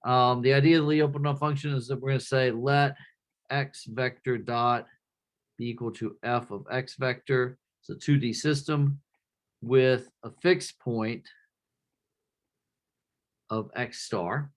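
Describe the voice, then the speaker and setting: A man's voice: medium pitch, measured pace, pauses often. Casual male lecturer in a classroom. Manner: relaxed, conversational, checks in with "right?" often.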